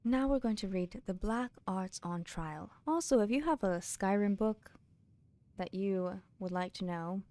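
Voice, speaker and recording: A British woman streaming a game live, chatting casually with viewers and reading in-game books aloud, laughing often and dropping into soft mutters. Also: fairly low pitch, no echo.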